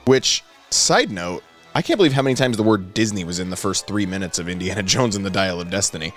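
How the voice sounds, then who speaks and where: Man, co-host, lowish voice, laid-back conversational. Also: lively intonation, fast talker, fairly bright tone, soft background music. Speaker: podcast co-host. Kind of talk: casual podcast chat.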